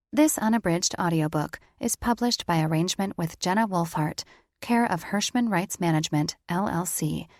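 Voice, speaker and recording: Woman narrating an audiobook, low and dry. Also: vocal fry, dry recording. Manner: expressive first-person reading, quick in heroine's lines. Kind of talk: scripted fantasy romance narration. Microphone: close studio mic.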